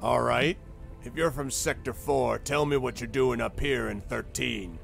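A man voicing a gruff, suspicious male orc guard who barks orders. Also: medium pitch, measured pace, soft background music. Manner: snarling, bossy.

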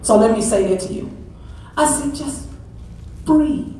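In a large church sanctuary, a middle-aged woman, the pastor's wife, gives a conversational, emphatic Mother's Day sermon with heavy repetition. She has a warm, fairly high voice, animated and at normal speed. A distant mic picks up echo and slight background noise.

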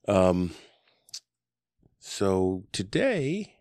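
A man's voice: deep voice, a little mellow, dry recording, studio quality. A man hosting a casual podcast chat, rambling and joking with plenty of ums. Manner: rambling, jokey, lots of ums. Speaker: podcast host. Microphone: desk podcast mic.

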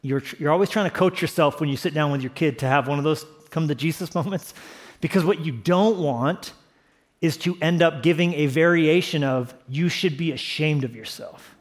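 Delivered at a moderate pace, the sermon comes from a male pastor whose voice is slightly higher than most men's. He swings with passion from quiet, earnest moments to rising, emphatic exclamations that reach strong peaks.

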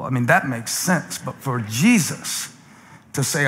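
A male pastor preaching a sermon, telling funny stories and swinging from loud exclamations down to hushed lows. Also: expressive, a little slow, in a large hall. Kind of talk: sermon with humorous storytelling.

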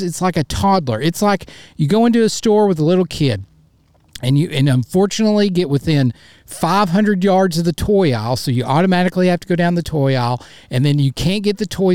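Fired-up male sports podcaster, fairly high voice. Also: a little mellow, dry recording. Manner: fired-up, frustrated ranting; blunt, repeats himself for emphasis. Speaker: podcast host. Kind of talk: solo sports podcast commentary.

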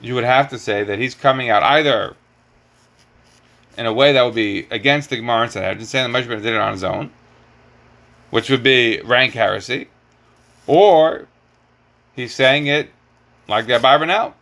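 Middle-aged guy teaching a torah class, lively, keeps asking rhetorical questions. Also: mid-range voice, moderate pace, pauses often. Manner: animated, rhetorical questions, mixes Hebrew terms. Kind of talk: classroom lecture on commentary.

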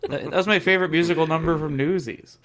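A man guesting on a podcast, tossing in quick wisecracks. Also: on the high side, fairly bright tone. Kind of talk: casual chat.

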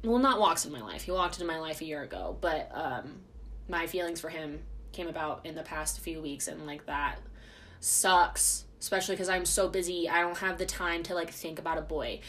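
A woman's voice: sits low, normal speed, a bit bright. A woman in her twenties hosting a podcast, chatting casually and rambling with lots of fillers. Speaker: podcast host. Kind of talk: casual solo chat.

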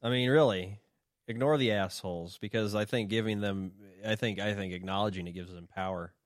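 A man's voice: lowish voice, brisk, no room sound, clean studio sound. A man co-hosting a casual podcast, rambling and profane, often restarting his sentences. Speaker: podcast co-host.

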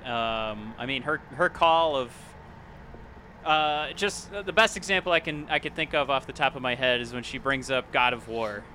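Rambling bright-voiced man on a podcast. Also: medium pitch, moderate pace, a little hiss or hum. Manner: rambling, searching for words. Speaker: podcast co-host. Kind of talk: casual chat.

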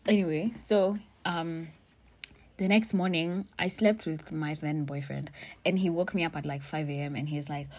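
A young woman with a slightly low voice spills a personal story straight to camera. She talks bluntly and swears freely, keeping the telling animated and casual. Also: moderate pace. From Kenya. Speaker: vlogger.

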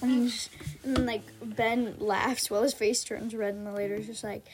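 A woman's voice: a little high, fairly even intonation, moderate pace, a little hiss or hum. A young woman casually reading a comic aloud, giggling and doing the characters' voices.

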